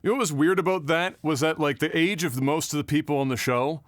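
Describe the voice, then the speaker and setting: A man's voice: a little high, fast, no echo, studio quality. A man co-hosting a podcast, chatting in a loose, rambling way and laughing easily. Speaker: podcast co-host. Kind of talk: casual podcast chat.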